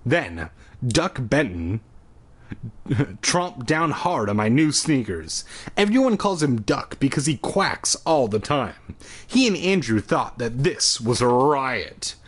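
A man at home doing a comic reading of a children's book, lively and breaking off into crude sarcastic asides. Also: mid-range voice, takes it slowly, breathy edge. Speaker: reader.

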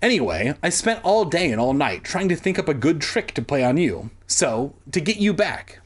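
A man's voice: fairly high pitch, very animated, moderate pace. A man voicing a cocky, teasing young boy prankster in a comedic story reading.

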